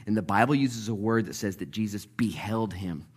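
A man preaching a sermon, telling the story with energy, dropping to a hush and then rising loud, and acting out the people in it. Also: lowish voice, normal speed, hardly any pauses, breathy edge. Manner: lively storytelling, acts out voices, swings between hushed and loud. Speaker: pastor.

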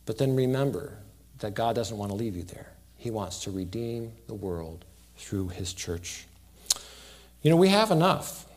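A man preaching a sermon as pastor in a church, earnest, rising to loud emphasis and dropping to hushed near-whispers. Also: on the low side, animated, a little slow.

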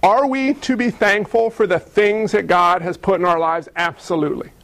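A man preaching a sermon, animated, acting out biblical voices. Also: high-pitched, moderate pace, creaky. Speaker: pastor.

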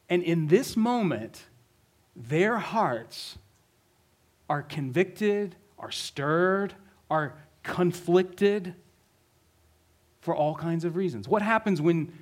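A man preaches in a relaxed, conversational way, painting a scene and tossing out questions to his listeners. His voice sits somewhat high for a man. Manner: conversational, vivid storytelling with rhetorical questions. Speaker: pastor. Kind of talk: sermon.

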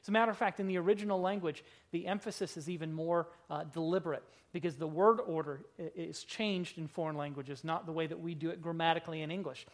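A woman preaches to a church congregation in a low-pitched voice with fairly even intonation. She shifts between forceful, loud statements and quieter ones, slowing down to stress the words that matter most.

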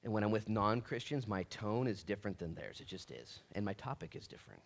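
Male pastor, middle-aged, low voice, animated sermon delivery. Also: a little fast, vocal fry. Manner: animated preaching, acts out voices of people in the story.

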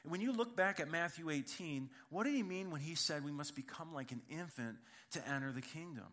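A pastor with a fairly high, slightly bright, expressive voice speaks briskly in church. He opens with prayer, then tells a funny personal story conversationally, addressing the congregation directly.

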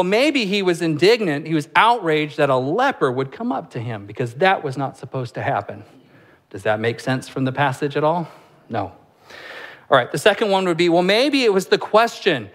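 A man preaching a sermon as pastor, explaining scripture in a conversational way with rhetorical questions and joking asides, slowing down and going soft on the solemn lines. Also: a little high.

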